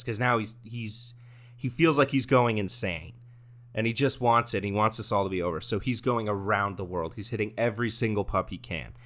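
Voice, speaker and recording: A man co-hosting a podcast, casually telling a long shaggy-dog joke with a slow build and some swearing. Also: on the low side, fairly bright tone. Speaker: podcast co-host.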